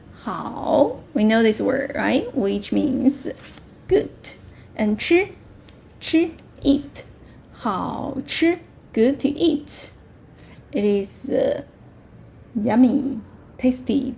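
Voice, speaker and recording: A woman with a Mandarin Chinese accent teaching a language lesson, patiently repeating words slowly with clear tones. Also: fairly high pitch, very animated, mellow, slight background noise.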